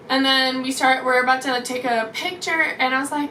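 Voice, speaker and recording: Young woman vlogger, storytime, high voice, mic set back in an echoey room. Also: fairly even intonation, quick pace, hardly any pauses, pushed and bright, slight background noise. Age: young adult. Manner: gushing, rambling with many "like"s. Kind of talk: casual storytime. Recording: roomy echo from far off.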